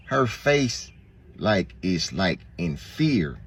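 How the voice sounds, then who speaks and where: A man's voice: on the low side, sing-song, slow, creaky, husky. A man casually telling a personal story, bluntly, checking in with "right?" as he goes. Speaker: storyteller in a played clip.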